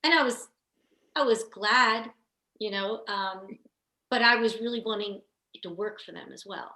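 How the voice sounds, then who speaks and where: A woman's voice: medium pitch, unhurried, pushed and bright. A woman guest, an actor, telling stories in a rambling way, full of restarts and "you know.". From Philadelphia area. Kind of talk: casual interview storytelling. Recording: roomy echo.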